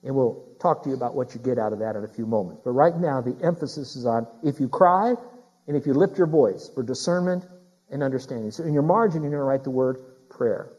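Husky-voiced preacher man, emphatic. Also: medium pitch, a little fast, lo-fi sound. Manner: emphatic, builds to loud preaching; talks straight to the congregation with questions. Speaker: pastor. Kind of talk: sermon.

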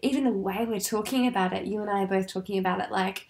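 A woman's voice: mid-range voice, quick pace, gravelly, a little mellow. A woman co-hosting a podcast, chatting frankly, swearing and laughing often. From Australia. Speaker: podcast co-host. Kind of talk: casual chat.

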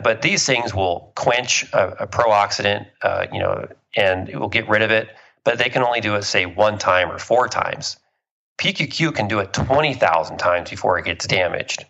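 A man's voice: on the low side, vocal fry, sharp tone, highs cut off. A man, a book author guest, eagerly explaining health topics with analogies and personal stories. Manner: enthusiastic, explains with analogies and tells anecdotes. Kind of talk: conversational explaining.

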